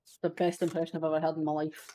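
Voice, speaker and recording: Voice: mid-range voice, completely flat delivery, very fast, mellow. A streamer, chatting casually while playing, swearing freely and laughing often. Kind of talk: casual gaming chat.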